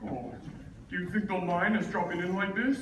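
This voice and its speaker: A man's voice: sits high, steady tone, normal speed, fairly bright tone, slight background noise. A man playing a timid, blustering lion on a school stage, with comic, quavering whimpers. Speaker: stage actor in a school musical. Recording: distant phone recording in an echoey auditorium with music.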